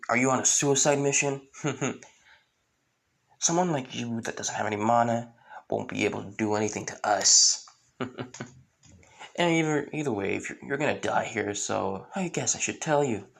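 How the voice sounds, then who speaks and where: A man's voice: mid-range voice, moderate pace, gravelly, lightly acted. A man doing a sneering mud mage villain. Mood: mocking. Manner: mocking, boastful.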